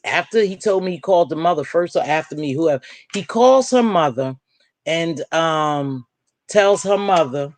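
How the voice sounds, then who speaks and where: A woman's voice: low voice, expressive, measured pace. A woman, hosting a casual chat and telling a story while acting out each person's lines. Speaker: vlog host.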